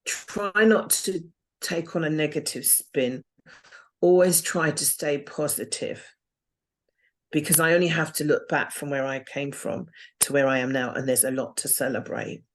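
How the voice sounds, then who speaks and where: A woman's voice: sits low, a little slow. A woman guest telling her own story in an interview, earnest and reflective. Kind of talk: interview testimony.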